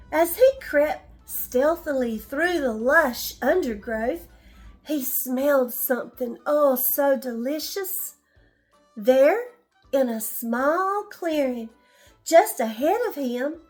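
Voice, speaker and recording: An older woman reads a bedtime story aloud to children, speaking to them gently and asking questions as she goes. Her voice is very high and she takes her time, with soft music faintly in the background.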